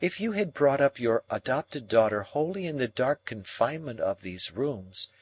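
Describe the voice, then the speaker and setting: A man voicing a proud young woman who speaks in a calm, measured, reproachful way in an audiobook. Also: mid-range voice, breathy edge, voice pushed up. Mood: cool.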